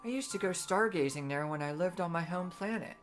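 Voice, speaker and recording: A woman voicing a lonely young girl who speaks softly and wistfully, longing for home. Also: fairly low pitch, animated, brisk, soft background music, lightly acted. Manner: soft and wistful, rising to tearful cries.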